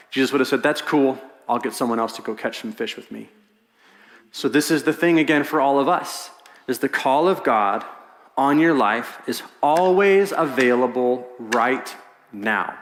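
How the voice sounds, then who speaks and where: A man preaching a sermon as pastor, telling a story in a lively way and acting out the voices of the people in it. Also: medium pitch, normal speed. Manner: animated storytelling, acts out quoted voices. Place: large church hall. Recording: echoey hall.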